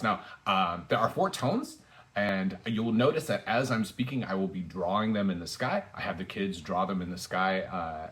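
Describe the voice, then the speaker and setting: A man teaching a beginner language lesson, patient and encouraging, with frequent fillers and repetition. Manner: jumps high and loud when modeling tones. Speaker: Mandarin teacher.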